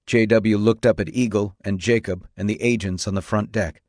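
A man narrating an audiobook in a steady, even storytelling voice. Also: on the low side, normal speed, dry recording, clean studio sound.

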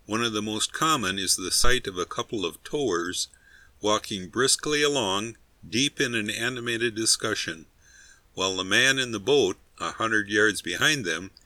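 Man narrating with a dry, bright voice. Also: on the low side, no room sound. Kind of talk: scripted narration of a humorous story.

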